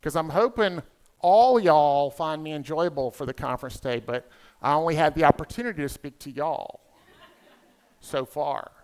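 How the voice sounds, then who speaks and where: A man in his fifties with a Southern US accent, emceeing a conference as a comedian with quick, playful crowd work. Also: fairly high pitch, smooth. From South Carolina. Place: conference hall stage.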